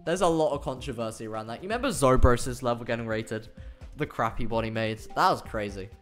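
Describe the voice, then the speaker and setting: A man's voice: medium pitch, expressive, fast talker, faint music behind. A British man streaming a game live, chatting casually, laughing often and reading chat messages aloud.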